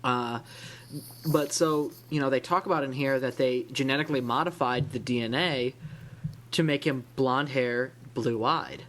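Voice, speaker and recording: A man's voice: medium pitch, a little slow, a bit bright. A man from the Illinois-Wisconsin area of the USA hosting a casual comic book podcast, rambling with many restarts and fillers. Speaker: podcast host.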